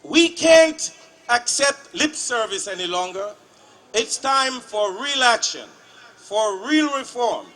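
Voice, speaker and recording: A male legislator speaking at a protest rally in a deliberate, chant-like way, leading repeated calls. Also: very high voice, very animated, bright, forceful tone. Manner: slow, deliberate, chant-like repetition. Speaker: state legislator.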